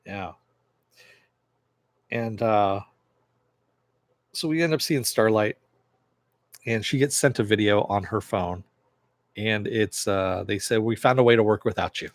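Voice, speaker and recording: A man's voice: lowish voice, a little slow, long pauses, dry recording. A man casually recapping a TV episode, retelling scenes loosely with fillers and occasional laughs. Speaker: show reviewer.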